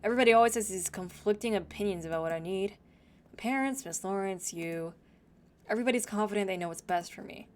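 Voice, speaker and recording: A woman voicing an anxious, self-doubting teenage boy in a visual novel, reading his lines softly and haltingly. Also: mid-range voice, natural voice. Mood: troubled.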